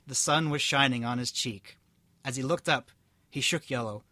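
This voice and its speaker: A man's voice: mid-range voice, steady tone, moderate pace, sharp tone. A young man running a comedic tabletop game, reading a story aloud in a hammy, melodramatic voice and chatting with the players. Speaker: game master.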